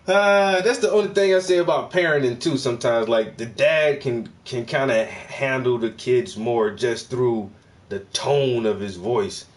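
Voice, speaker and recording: A man hosting a casual reaction commentary, talking in profane street slang with loud exclamations. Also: mid-range voice. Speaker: host reacting to a clip.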